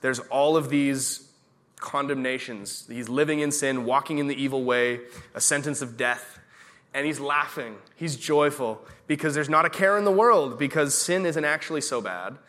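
A man preaching a sermon in a church, quoting verses slowly and asking the congregation questions. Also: medium pitch, a bit bright. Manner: preaching with audience questions, slow emphatic repeated verses. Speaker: pastor.

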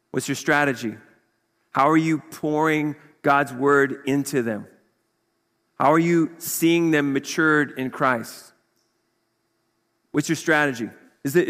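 A man in his fifties preaching a sermon as pastor, energetic and conversational, often checking in with "okay?". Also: a little high. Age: 50s. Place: church sanctuary. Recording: long hall reverb.

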